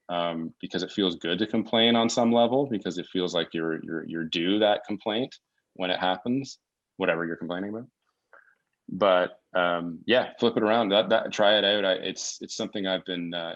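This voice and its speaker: A man's voice: low voice, fairly bright tone, lo-fi sound. A man talking as a podcast guest, thinking aloud in a casual way, restarting his sentences often as he searches for words. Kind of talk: casual conversational interview. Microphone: remote call mic.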